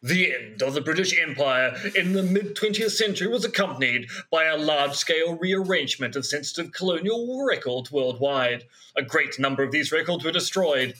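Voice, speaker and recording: A man's voice: a little high, sharp tone. A man co-hosting a podcast, making wry jokes and reading a text aloud. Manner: wry, jokey interjections. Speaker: podcast co-host. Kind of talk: casual chat and reading aloud.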